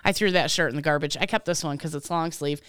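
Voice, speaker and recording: Low-voiced woman telling a work story. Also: fast, clean tone, no room sound, clean studio sound. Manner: animated storytelling, swears freely, acts out quotes. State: tired, yawning. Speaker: podcast co-host. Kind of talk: casual chat.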